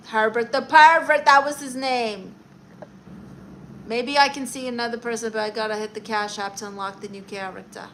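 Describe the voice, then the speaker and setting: A woman's voice: on the high side, steady tone, moderate pace, bright, forceful tone, a little hiss or hum, poor audio. A woman hosting a casual livestream, reading viewer comments aloud in a chatty, playful way and laughing at herself. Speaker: livestream host.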